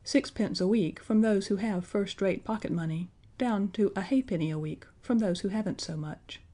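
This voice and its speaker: A solemn old prime minister, grave and slow, explaining matters to a boy king in a storybook, as a woman puts him on. His delivery stays measured and mellow. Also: mid-range voice, lightly acted.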